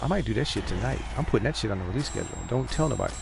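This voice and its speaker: A man streaming live, rambling in casual chat, excitable and profane. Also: fairly low pitch, rapid-fire, vocal fry, hardly any pauses, very noisy. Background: music playing.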